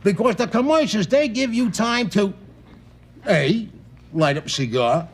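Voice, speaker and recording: A middle-aged actor playing a loud, blustering, opinionated working-class husband in a sitcom. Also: male voice, high voice, expressive, measured pace, breathy edge, exaggerated voice. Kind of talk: sitcom acting. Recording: noisy old TV sitcom audio.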